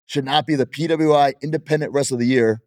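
A man's voice: a little high, fairly even intonation, quick pace, darkish tone, dry recording, clean studio sound. A man in his thirties, a professional wrestler, chatting in an interview in a brash, boastful way and laughing often. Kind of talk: casual interview chat.

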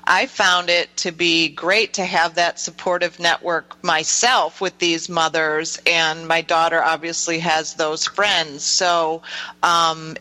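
A woman's voice: fairly low pitch, sharp tone. A woman guest on a talk radio show, speaking earnestly. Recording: long reverb.

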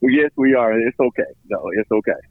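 A football coach calls in over a tinny phone line and answers quickly. His low voice has a gravelly edge and he talks fast. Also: lively intonation, no room sound. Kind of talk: interview. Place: indoor sports facility.

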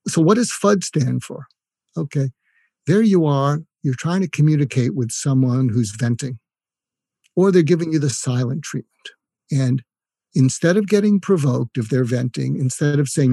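An older man with a dark, husky voice explains communication tips in an earnest, conversational way. He often drops into short acted examples of what to say. The sound is dry and close. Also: mid-range voice, expressive, normal speed, no echo. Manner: earnest, demonstrates phrases in a softer voice. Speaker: guest psychiatrist and coach.

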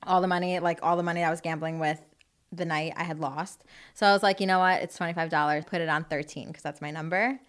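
A woman's voice: low voice, fairly even intonation, fast talker. A woman in casual chat, telling a story in a chatty way with many fillers. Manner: chatty, filler-heavy with lots of "like".

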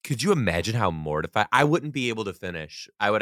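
A man's voice: fairly low pitch, sing-song, fast talker, a bit bright, no room sound, clean studio sound. A man in casual podcast chat, reacting expressively and jumping in with exclamations.

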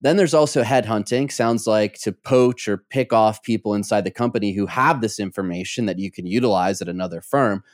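A man's voice: on the low side, a little fast, hardly any pauses, no room sound, studio quality. A man hosting a podcast interview, asking questions fluently and steadily. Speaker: podcast host.

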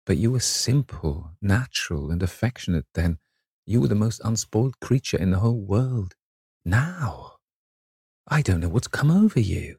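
A man with a low, husky, gravelly voice reading as an older male painter, strained and reproachful in a storybook reading. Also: very animated, normal speed, darkish tone, no room sound, studio quality, heavily acted. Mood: pleading.

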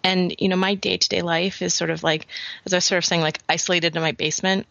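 Sick woman co-host in casual chat, hoarse and fading, gravelly low voice, muffled dry sound. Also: steady tone, fast talker, fairly bright tone, dry recording. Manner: chatty, with frequent restarts and laughs. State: losing her voice, sick. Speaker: podcast co-host.

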